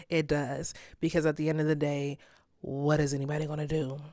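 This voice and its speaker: A woman's voice: sits low, level tone, normal speed, darkish tone, dry recording, clean studio sound. A young woman hosting a solo podcast, talking candidly in a casual way and laughing often. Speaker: podcast host.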